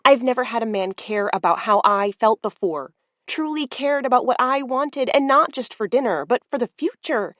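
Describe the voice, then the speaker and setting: A woman voicing a flustered, proud young woman who talks in rushed, agitated bursts in an audiobook. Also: on the high side, expressive, a bit bright, no room sound, dull audio, pitched above the performer's own voice. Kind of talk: audiobook character voice.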